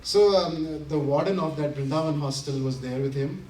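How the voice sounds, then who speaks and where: Brief: man, speaker at a community center, animated storyteller who laughs through the punchlines; recorded from afar in an echoey hall. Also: fairly high pitch, normal speed, a little hiss or hum. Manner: animated, laughing often while acting out quotes. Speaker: invited speaker. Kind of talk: storytelling talk to an audience. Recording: roomy hall from a distance, faint ambience.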